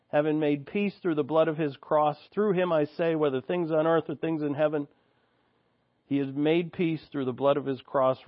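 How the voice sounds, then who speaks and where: A man's voice: a little high, no echo, dull audio. Earnest preacher man teaching scripture. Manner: earnest teaching, reads scripture aloud then explains it. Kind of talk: expository sermon.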